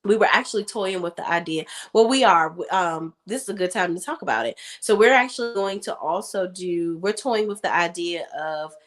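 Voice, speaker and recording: A young woman from Maryland chats casually with her viewers, laughing often and calling them "y'all." Her voice sits a little on the low side. She sounds like she is hosting a loose, friendly live stream. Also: lively intonation, brisk, hardly any pauses, a bit bright. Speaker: show review host.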